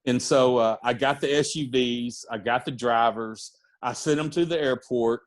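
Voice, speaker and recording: A middle-aged man, a music and wrestling promoter, telling anecdotes in a casual podcast interview, lively and full of fillers. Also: medium pitch, moderate pace. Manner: animated anecdote-telling with fillers and acted-out quotes.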